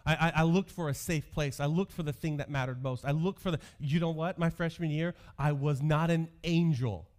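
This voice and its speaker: A man's voice: on the high side, moderate pace, hardly any pauses, a little mellow. A male pastor in his thirties giving a sermon, telling stories from his youth with self-deprecating humor.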